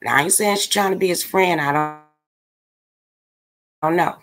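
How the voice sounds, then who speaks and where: A woman's voice: lowish voice, moderate pace, fairly bright tone. Blunt, exasperated woman ranting to viewers. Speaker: livestream commentator. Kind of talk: casual ranting commentary.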